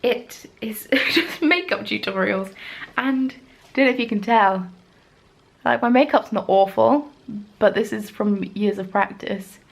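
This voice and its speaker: This young woman in her twenties runs a home craft vlog, talking casually and self-deprecatingly to camera indoors. Her medium-pitched voice is unhurried and carries vocal fry.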